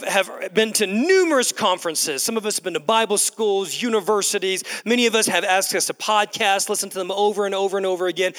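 Bright high-voiced preacher in a hall. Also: male voice. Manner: repetitive emphatic preaching, addresses crowd as guys. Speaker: pastor. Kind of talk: sermon. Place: large church hall. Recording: long echo of a large hall.

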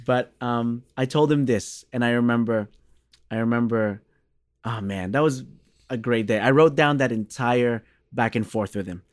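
Australian bass player telling a story. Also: male voice, moderate pace, dry recording, clean studio sound. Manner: animated storyteller, acts out quoted dialogue. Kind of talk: casual storytelling interview.

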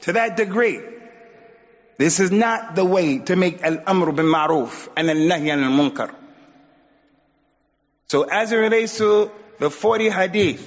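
A man giving an emphatic religious lesson in a mosque, exhorting his audience. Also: high voice. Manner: emphatic, exhorting, acts out quotes. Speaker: Islamic teacher. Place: mosque hall. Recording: dull sound with long hall reverb.

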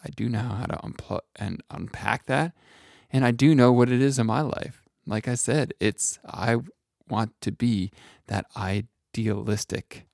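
A man coaching listeners on self-kindness in a soft, intimate way, calling the listener his friend. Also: fairly low pitch, creaky, no room sound, studio quality. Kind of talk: gentle motivational monologue.

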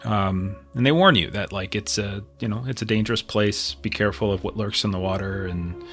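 Low-voiced man running a tabletop game. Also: fairly quick, fairly bright tone, soft background music. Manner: loose, meandering descriptions with many fillers. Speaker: game master.

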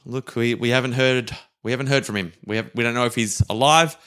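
A man's voice: mid-range voice, fairly even intonation, brisk, a bit bright, smooth. A man co-hosting a podcast, telling history in a laid-back, rambling way with plenty of ums and uhs. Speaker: podcast co-host, father. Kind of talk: casual history storytelling.

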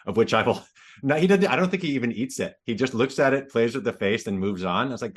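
A man's voice: mid-range voice, animated, fast. A man co-hosting a podcast who tells childhood stories in a joking, self-deprecating way. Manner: jokey, self-deprecating storyteller. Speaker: podcast co-host. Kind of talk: casual chat.

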